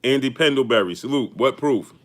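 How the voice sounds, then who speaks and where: Bright-voiced man hyping a live stream. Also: mid-range voice, fairly quick. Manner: energetic, greets viewers one by one with slang. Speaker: host of a boxing live stream. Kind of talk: casual live-stream shout-outs.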